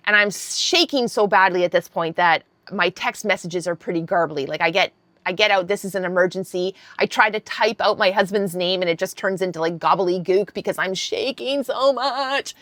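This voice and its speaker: A woman in her fifties telling a story to camera, animated and candid, swearing freely. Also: mid-range voice, normal speed, no room sound. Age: 50s. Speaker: vlogger.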